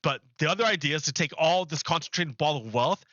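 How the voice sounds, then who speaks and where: A man's voice: on the high side, quick pace, no room sound, dull audio. Rambling man streaming a game. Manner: rambling, animated, restarts often. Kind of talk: casual chat while gaming.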